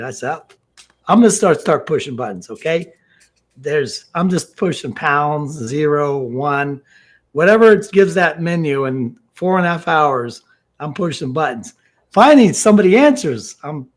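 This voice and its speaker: A man with a slightly raised voice tells a rambling comic story over a video call. He acts out both ends of a phone call, his tone exasperated and stubborn. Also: a little high. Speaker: comedian contestant. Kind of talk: stand-up storytelling. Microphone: video call mic.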